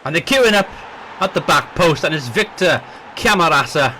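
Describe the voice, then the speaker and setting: With a fairly high-pitched voice at normal speed, this gaming channel host chats directly to his audience while giving football-style commentary in a let's play. Excitement pushes his voice up on each goal, and there's slight background noise.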